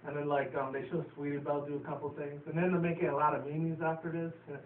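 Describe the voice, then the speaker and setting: A man from New York City rambles through an episode recap, swearing freely and leaning on fillers. His voice sits a bit high for a man. The recording is tinny and roomy, picked up from a distance with a faint hiss. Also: level tone, fast. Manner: profane, filler-heavy, chatty. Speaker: show reviewer.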